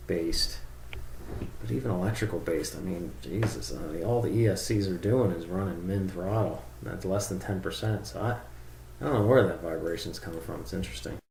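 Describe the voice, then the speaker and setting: Brief: deep-voiced man, gravelly, loose rambling tutorial delivery, roomy recording. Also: normal speed, darkish tone, a little hiss or hum. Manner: rambling, thinking aloud with fillers. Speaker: drone tuning reviewer. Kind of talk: casual screen-share tutorial.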